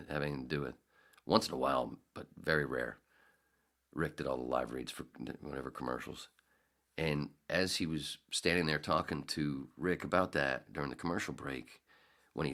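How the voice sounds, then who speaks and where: A man's voice: very deep voice, fairly bright tone. A middle-aged man hosting a podcast, telling a rambling anecdote in casual storytelling style, correcting himself as he goes. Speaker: podcast host.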